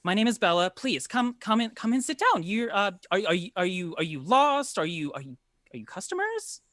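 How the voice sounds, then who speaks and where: Game master doing a fifties baker woman, high and flustered, stammering, over-apologetic, tabletop game voice. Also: sing-song, fairly quick, a bit bright, no room sound, clean studio sound.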